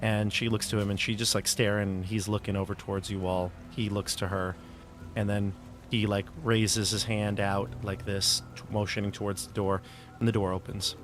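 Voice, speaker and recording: A man's voice: fairly low pitch, flat delivery, normal speed, slight background noise. A man narrating as game master of a tabletop game, chatty and loose, with fillers and restarts.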